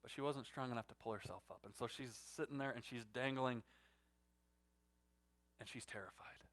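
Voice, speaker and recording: A man preaching a sermon as pastor, telling a story and swinging between loud emphatic lines and hushed, soft ones. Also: mid-range voice, normal speed.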